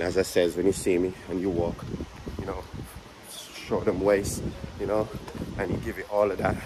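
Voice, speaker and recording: Over a noisy background, a low-pitched man with a Birmingham accent vlogs while walking outdoors on city streets. He chats and jokes casually to camera, breathing hard and repeating his words.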